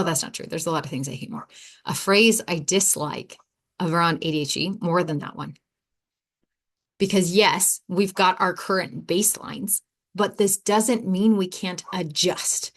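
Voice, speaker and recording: A woman hosting her own podcast as an ADHD coach. She talks in a loose, rambling way, breaks off mid-sentence, repeats words and laughs easily. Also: fairly low pitch. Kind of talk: casual solo podcast monologue.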